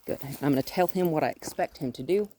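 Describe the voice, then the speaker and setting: Calm woman dog trainer explaining. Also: low voice, quick pace, a little hiss or hum. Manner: calm and explanatory, with frequent cheerful praise for the dog. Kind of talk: hands-on training demonstration. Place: outdoors near a gate with a noisy HVAC unit.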